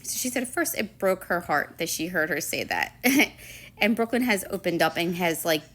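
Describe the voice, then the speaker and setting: A woman retelling a story about her child's school day in a casual, rambling way, full of fillers and quick turns into quoted voices. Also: on the low side, very animated, fairly bright tone. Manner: chatty, rambling retelling full of "you know" and "like"; slips into quoted voices for others. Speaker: parent telling a school story.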